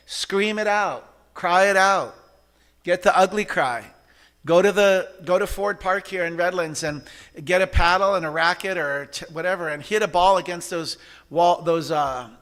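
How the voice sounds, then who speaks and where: Male church service leader, bright, a little high, animated and chatty with shouting bursts. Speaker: practitioner leading a service. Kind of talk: sermon. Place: church sanctuary.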